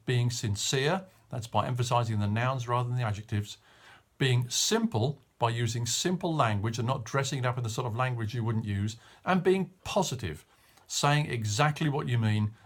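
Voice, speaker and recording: A middle-aged man giving a short coaching tip on public speaking, talking in a clear, measured way and stressing key words. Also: mid-range voice. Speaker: media coach.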